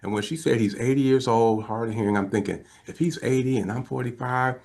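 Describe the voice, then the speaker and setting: A man in his fifties, a talk show guest, telling an emotional personal story in an animated, earnest way. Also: mid-range voice, brisk, vocal fry. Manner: animated storyteller who acts out quoted voices. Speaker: interview guest.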